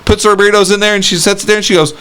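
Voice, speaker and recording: A man in his forties telling a story on a casual podcast, animated and laughing, acting out the people he quotes. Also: high voice, racing, smooth. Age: 40s. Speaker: podcast co-host.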